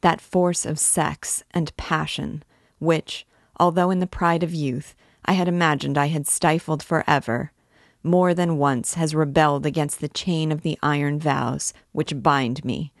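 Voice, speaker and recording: A woman's voice: low-pitched, fairly even intonation, measured pace, vocal fry, no room sound, clean studio sound. A woman reading as a tormented, obsessive priest. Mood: brooding. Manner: intense, brooding confession. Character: tormented middle-aged male priest, obsessive.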